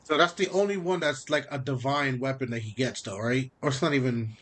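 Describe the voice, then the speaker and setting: A man co-hosting a casual chat, talking excitedly and swearing freely, laughing as he retells scenes. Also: medium pitch, fairly quick. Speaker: podcast co-host. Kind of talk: casual chat about video games.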